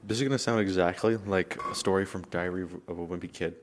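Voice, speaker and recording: A teenage boy on a youth radio team telling a story in a relaxed, halting way with many fillers. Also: sits low, a little hiss or hum. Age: teens. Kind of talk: casual storytelling.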